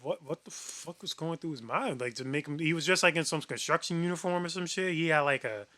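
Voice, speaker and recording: A man co-hosting a podcast retells a story in a loose, rambling way, padding it with fillers and swearing. His voice has a sharp, bright edge and sits a little high for a man. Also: fairly quick. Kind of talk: casual podcast chat.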